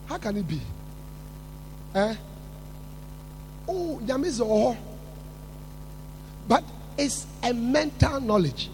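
A man preaching a sermon with emphatic build-ups, repeating words and rising to shouts. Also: very high voice, lively intonation, slow pace, pauses often, background noise.

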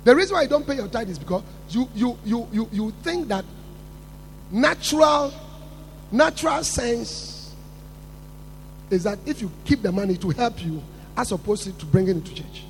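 A man preaching a sermon with emphatic build-ups, repeating words and rising to shouts. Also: very high voice, lively intonation, normal speed, long pauses, a little hiss or hum.

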